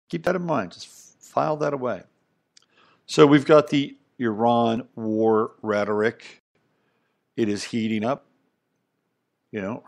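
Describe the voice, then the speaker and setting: A middle-aged man hosting a podcast, talking in a rambling, emphatic, conversational way with frequent asides. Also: lowish voice. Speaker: podcast host. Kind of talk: casual monologue commentary.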